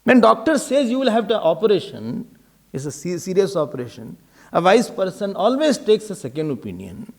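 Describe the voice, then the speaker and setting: Indian-accented male swami, high and gravelly, animated, emphatic sermon voice. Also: moderate pace. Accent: Indian English. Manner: emphatic, repeats key phrases, mixes Hindi into English. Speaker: swami giving a spiritual talk.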